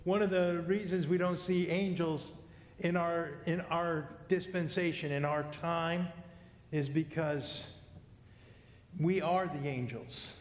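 A man's voice: on the high side, steady tone, takes it slowly. A middle-aged man preaching a sermon as a pastor, conversational, with self-deprecating humor. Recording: echoey hall.

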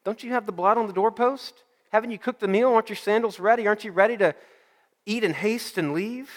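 Guy doing a cocky no-worries believer, high breezy voice, big hall echo. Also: fairly quick, natural voice. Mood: breezy confident. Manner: breezy, dismissive certainty. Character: confident, scoffing grown man of faith.

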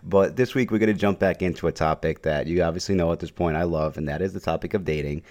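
A man's voice: sits low, a little mellow. A young man hosting his own podcast alone, talking bluntly and swearing constantly in a casual monologue. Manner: profane, blunt, fast-talking. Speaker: podcast host.

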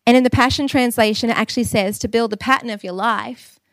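A woman's voice: a little high, steady tone, quick pace, dry recording. An Australian woman in her thirties preaching a sermon, telling personal stories candidly and with humor. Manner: candid, humorous storytelling with laughs.

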